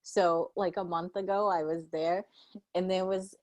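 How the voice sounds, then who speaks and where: A woman's voice: fairly low pitch, level tone, unhurried. A young woman co-hosting a podcast, telling stories in casual chat, profane and exasperated. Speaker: podcast co-host.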